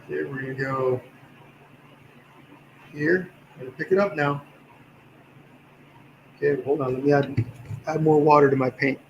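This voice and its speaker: Male painting instructor, slightly raised pitch, tired voice, encouraging, roomy live-stream sound. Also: moderate pace, gravelly, long pauses, muffled recording, a little hiss or hum. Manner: relaxed, encouraging, talks while working. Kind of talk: livestream painting tutorial.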